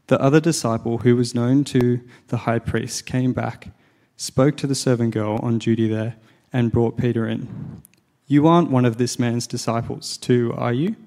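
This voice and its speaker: Gravelly man reading scripture evenly. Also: medium pitch, fairly even intonation, moderate pace, warm tone. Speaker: scripture reader. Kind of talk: Bible reading.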